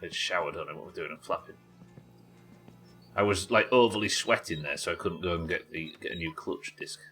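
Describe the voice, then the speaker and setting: A man's voice: low-pitched, brisk, fairly bright tone, soft background music. A man chatting casually while streaming a game, rambling and talking to his viewers. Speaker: live streamer. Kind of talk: casual gaming commentary.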